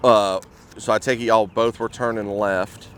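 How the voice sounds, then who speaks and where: A man's voice: fairly low pitch, fairly even intonation, moderate pace, fairly bright tone, a little hiss or hum. A male police officer narrating calls and questioning a driver in a laid-back, matter-of-fact way. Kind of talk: casual on-duty narration and questioning.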